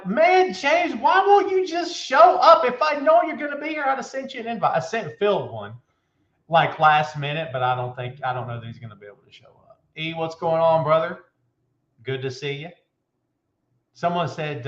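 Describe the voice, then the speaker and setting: A man hosting a live show, loud, joking and hyped, talking from an office with a bare floor and a window. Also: a little high. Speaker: show host. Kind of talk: live show, casual chat. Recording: echoey room, dull lo-fi sound.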